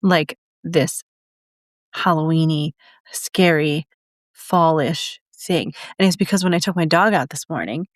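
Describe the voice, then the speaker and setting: A woman's voice: low-pitched, measured pace, dry recording, studio quality. A woman hosting her own podcast, chatting casually and out of breath, giggling and rambling as she repeats herself. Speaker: podcast host. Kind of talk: casual solo podcast chat.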